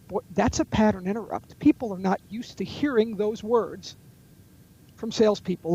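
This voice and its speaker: In this webinar, a guest who trains salespeople and writes about it walks through call techniques with confident coaching, playing out sample calls. He speaks at a normal pace in a high, dark, slightly rough voice. The highs are cut off in the audio.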